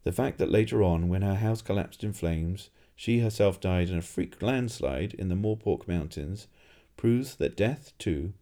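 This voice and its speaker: A man reading a humorous fantasy story aloud as narrator, in a dry, lively storytelling manner. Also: deep voice, a little slow. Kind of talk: audiobook reading.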